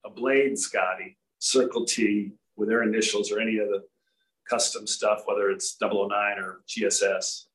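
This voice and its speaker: A man from Rhode Island, a former tour golfer, telling relaxed anecdotes in a casual chat with frequent restarts. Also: lowish voice, normal speed, poor audio.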